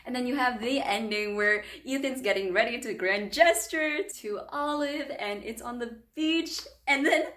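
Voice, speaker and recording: A young woman reviewing a book in a casual, gushing way, giggly and excitable. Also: fairly high pitch, moderate pace, few pauses. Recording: roomy echo, distant mic, faint music.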